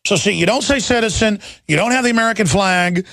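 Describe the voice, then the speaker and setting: Talk radio host, man: high gravelly voice, ranting and sarcastic, dry studio sound. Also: quick pace, fairly bright tone, no room sound. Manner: ranting, sarcastic, frequent restarts and pitch jumps. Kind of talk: animated political monologue.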